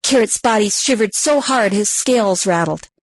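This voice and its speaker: A woman narrating a children's storybook in an expressive, animated reading. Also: medium pitch, normal speed, dry recording, studio quality.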